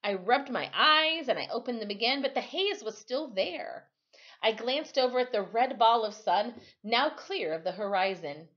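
Expressive woman reading a chapter book. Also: dull audio. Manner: slow, expressive reading with lively pitch. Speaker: teacher reading aloud. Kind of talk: storybook read-aloud.

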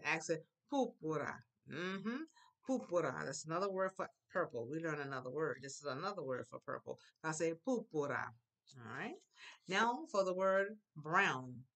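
A woman with a slightly low voice leads a lively classroom lesson. She draws out each word slowly and clearly for her pupils and keeps coaxing them to repeat after her. Her tone is steady and encouraging, in a school classroom. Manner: slow, exaggerated pronunciation of Spanish words for pupils to repeat; encouraging, prompting the class often. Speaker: Spanish teacher.

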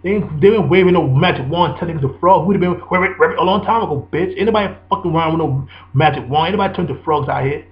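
Fast, profane New man ranting. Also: fairly high pitch, lo-fi sound. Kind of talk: ranting monologue.

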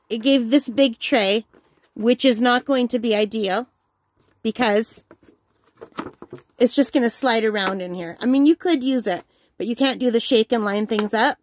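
A woman's voice: fairly high pitch, no echo. A woman hosting a crafting channel, chatting casually and enthusiastically at home while unboxing, with the hiccups. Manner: chatty, enthusiastic, easily delighted. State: has the hiccups.

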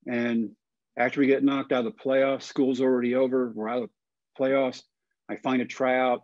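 Man, forties, from Texas, folksy animated storyteller, mid-pitched voice, dry slightly muffled sound. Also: moderate pace, no room sound. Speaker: guest. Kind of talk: storytelling in a podcast interview.

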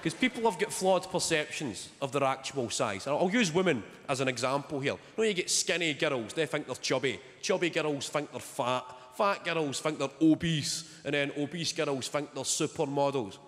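Sardonic comic in a hall. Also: male voice, a little high, expressive, moderate pace, few pauses, background noise. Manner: dry, sardonic storytelling. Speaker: stand-up comedian. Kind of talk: stand-up comedy set. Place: theatre stage before a live audience. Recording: large hall with loud audience laughter.

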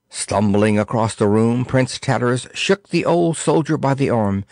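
A man reading a children's storybook aloud in an expressive, theatrical way. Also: mid-range voice, a little slow, hardly any pauses, no room sound, studio quality. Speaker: audiobook narrator. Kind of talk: storybook narration.

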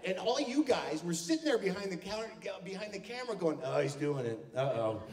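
A man, a comedian, telling a long story on a theater stage in front of a live audience, quickly slipping into voices of the people in it. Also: high voice, crowd noise. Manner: animated, does quick voices of people in his stories. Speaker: guest comedian. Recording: distant stage mic.

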